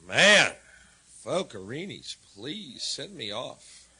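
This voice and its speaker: Male stand-up, sardonic, bright forceful tone, animated pitch. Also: moderate pace, rough recording. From United States. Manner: wry, sardonic, shifts between mutters and loud jabs. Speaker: stand-up comedian. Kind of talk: stand-up routine.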